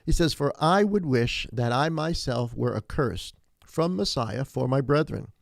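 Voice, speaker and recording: Animated preaching man, dry sound. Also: mid-range voice, a little slow, creaky, no room sound. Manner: animated preaching, rising to emphatic peaks, frequent restarts. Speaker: pastor. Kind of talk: sermon.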